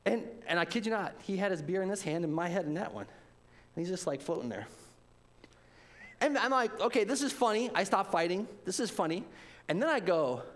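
A man preaching a sermon, telling personal stories in an animated way and swinging between loud and hushed delivery. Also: sits high, fairly quick. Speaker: pastor.

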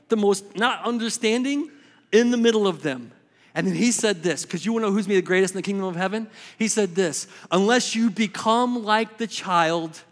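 A man preaching a sermon, swinging between quick emphatic bursts and slow, hushed lines. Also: high voice. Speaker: pastor. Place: church sanctuary. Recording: long reverb of a church hall.

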